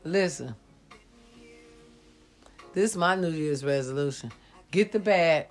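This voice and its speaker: Low-voiced woman, under the weather, blunt and profane, faint music behind. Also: animated, takes it slowly. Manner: blunt, preachy, swears freely, says y'all often. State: sick, lying down. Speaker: vlogger. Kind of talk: casual talk to viewers.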